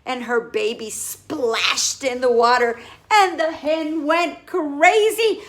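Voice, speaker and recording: A woman reading a picture book aloud in a slow, expressive way, with many exclamations. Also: high voice. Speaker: storyteller.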